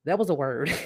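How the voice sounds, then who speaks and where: A woman's voice: low-pitched, a little mellow, breathy edge, no room sound. A woman hosting a podcast, giving a preachy, motivational monologue with call-and-response lines and frequent laughs. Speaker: podcast host.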